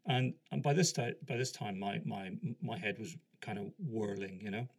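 A man's voice: on the low side, moderate pace. A man hosting a podcast, telling a long personal story in a rambling, self-deprecating way and acting out the other people in it. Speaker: podcast host. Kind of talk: casual storytelling monologue.

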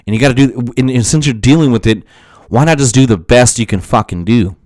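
A man's voice: mid-range voice, brisk, a little mellow, no room sound, studio quality. A young man hosting a solo podcast, talking casually in a rambling, profane, self-motivating way with a strained, worn voice. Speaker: podcast host.

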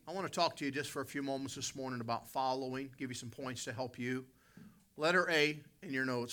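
A man's voice: medium pitch, steady tone, brisk, sharp tone. An American man from West Virginia, middle-aged, preaching a sermon and telling a personal story to his congregation, often correcting himself as he goes. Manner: storytelling, self-correcting, addresses congregation directly.

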